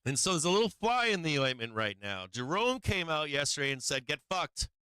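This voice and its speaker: Man, market livestream host, profane, blunt, fairly high voice, crisp, dry close sound. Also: fairly quick, dry recording. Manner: blunt, swearing, animated with mock quotes of traders. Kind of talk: casual profane market commentary.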